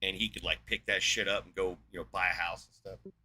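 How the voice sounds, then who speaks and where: Ranting man, bright cutting voice. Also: sits low, steady tone, brisk, slight background noise, low-quality recording. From New Mexico, USA. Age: 40s. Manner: angry, rambling, heavy swearing. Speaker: podcast host. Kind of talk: profane solo rant.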